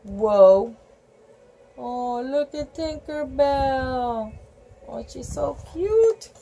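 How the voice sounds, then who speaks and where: A woman reading a picture book aloud and stopping often to gasp and chat about the pictures. Her voice is high and very lively in pitch. She reads at an unhurried pace. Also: vocal fry, slight background noise, rough recording. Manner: animated, gasps and exclaims over the pictures. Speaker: storybook reader.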